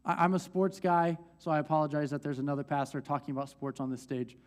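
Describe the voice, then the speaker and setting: A man's voice: on the high side, quick pace. A young man pastor teaching a church group from the stage in a conversational way, with restarts and light laughs.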